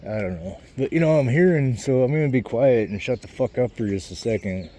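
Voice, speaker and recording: Casual male vlogger, mid-pitch, mellow tone, walking and talking, winded, wandering off topic and cursing freely. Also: animated, fairly quick. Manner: rambling, swears a lot, loses his train of thought. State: out of breath. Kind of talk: rambling casual vlog while walking outdoors. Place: outdoors on a walk, birds around.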